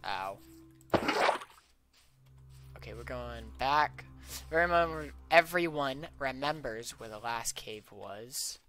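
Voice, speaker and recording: A man's voice: medium pitch, expressive, slow pace, long pauses, pushed and bright. A man doing let's play gameplay commentary, muttering to himself as he plays and letting out sudden yelps. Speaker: gaming channel host. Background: background music.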